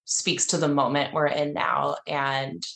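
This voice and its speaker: Low-voiced woman podcast host. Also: fairly even intonation, measured pace, vocal fry, reverberant. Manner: warm, grateful, laughs often. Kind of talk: casual chat, wrapping up an interview.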